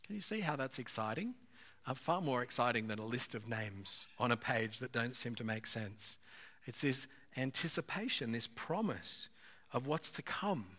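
A man's voice: mid-range voice, big pitch swings, moderate pace, pushed and bright. A man, a pastor, giving an earnest, conversational sermon with occasional fillers.

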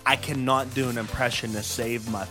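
A man in casual chat among friends, talking slowly, laughing and swearing. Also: medium pitch, steady tone, pushed and bright, faint music behind.

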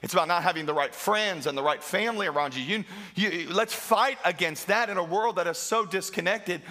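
A man's voice: sits high, brisk, bright, forceful tone. A middle-aged man preaching a sermon as pastor, emphatic and repeating phrases for stress.

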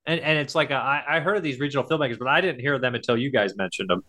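A man's voice: medium pitch, rapid-fire, bright, forceful tone. A man co-hosting a casual podcast chat, rambling through stories with lots of laughter, swearing and acted-out quotes. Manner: rambling, laughing storyteller who acts out quotes; heavy swearing. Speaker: podcast co-host. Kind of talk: casual chat about cult horror films.

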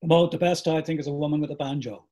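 A man co-hosting casual chat in a dry, low-key, easygoing way. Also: fairly even intonation, fast, mellow.

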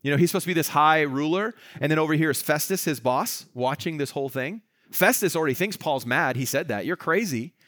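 Guy preaching a sermon, kinda high voice, acts out the bible dialogue, dry close sound. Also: fast talker, fairly bright tone, no echo. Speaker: pastor.

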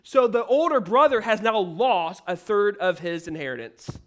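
Man, high voice, preaching sermon, emphatic, rhetorical questions. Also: expressive, normal speed, a bit bright.

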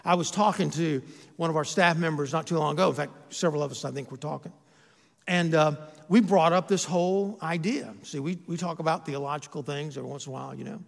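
A man's voice: fairly high pitch, fast talker, vocal fry, long reverb tail. A man who is a pastor, preaching a sermon and asking his listeners rhetorical questions, his volume rising and falling.

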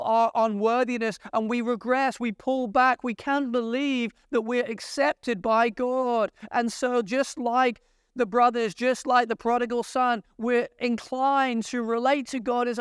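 A man's voice: very high voice, fairly even intonation, smooth, no echo, clean studio sound. A man preaching a sermon, retelling scripture and making earnest, pleading appeals to his listeners. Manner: retells scripture with emphatic pauses.

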